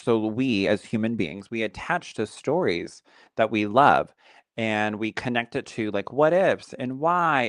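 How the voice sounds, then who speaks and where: A man co-hosting a podcast as a psychic medium, telling stories in an animated, chatty way and reading viewer comments aloud. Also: mid-range voice, no room sound. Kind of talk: casual podcast chat.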